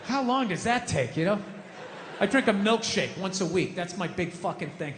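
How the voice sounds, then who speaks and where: High-voiced ranting stand-up comedian. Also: male voice, animated, normal speed, noisy background. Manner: profane, ranting, exasperated. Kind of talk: stand-up routine. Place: open-air stage at a large venue. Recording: echoey live venue sound.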